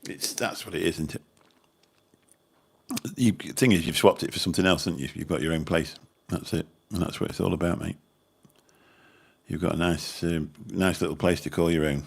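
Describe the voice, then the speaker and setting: Birmingham man, livestream host, husky deep voice, meandering casual chat. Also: a little fast. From Birmingham, England. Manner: rambling, chatty, mild swearing. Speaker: channel host chatting with viewers.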